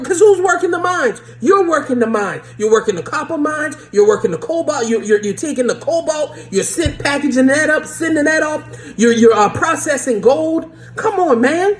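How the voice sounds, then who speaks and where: High-voiced urgent ranting vlogger. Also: expressive, moderate pace, few pauses. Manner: urgent, repetitive, stumbles over repeated words. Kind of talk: impassioned direct-to-camera rant.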